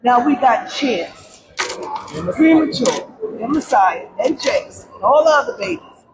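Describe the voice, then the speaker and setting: This emotional press conference speech comes from a middle-aged grandmother in mourning, who weeps, pleads, and keeps repeating her words. She sounds animated, with a voice on the high side and a slightly slow pace, while a crowd murmurs nearby.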